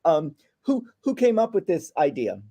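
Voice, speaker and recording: A man's voice: on the high side, huge pitch swings, moderate pace, dark tone. A man hosting a live film festival stream, chatting with a filmmaker in a friendly, filler-heavy way.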